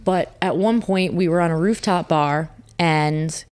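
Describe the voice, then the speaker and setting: Animated young woman telling a story. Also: lowish voice, unhurried, smooth. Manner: animated storytelling, frequent swearing. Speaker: podcast co-host. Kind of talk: casual chat.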